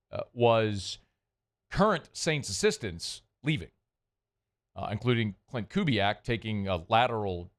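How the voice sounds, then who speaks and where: A man hosting a sports radio show, talking loosely and reading sponsor spots. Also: lowish voice. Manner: chatty, loose, folksy. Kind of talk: casual sports radio talk and live reads.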